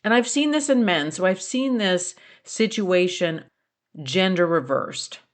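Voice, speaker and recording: Woman, middle-aged, podcast host, slow deliberate pace, lowish voice, earnest. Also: lively intonation. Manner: earnest, challenging the listener with questions. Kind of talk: reflective solo podcast talk.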